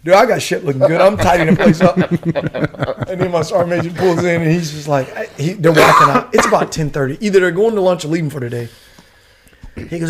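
A man's voice: fairly high pitch, fast talker, husky. A man telling a war story in casual chat, full of slang and swearing and breaking into laughs. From United States. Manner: profane, laughing, slangy with dude and bro. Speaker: guest, retired Army warrant officer.

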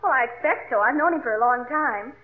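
An actress playing a gushing, theatrical young adult daughter in a 1950s radio comedy. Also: female voice, high voice, a little fast, natural voice. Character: young adult daughter, dramatic and boy-crazy. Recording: tinny vintage radio broadcast.

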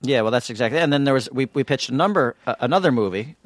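A man's voice: mid-range voice, expressive, fast, no echo. Guy cohosting a chat show, rambly storyteller, dry close sound. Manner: rambling storyteller, chatty with many restarts. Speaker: podcast co-host. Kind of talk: casual chat.

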